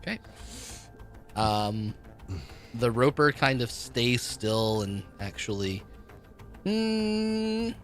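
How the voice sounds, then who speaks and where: A man with a lowish voice narrates as the game master of a tabletop game, relaxed and descriptive, with plenty of filler words.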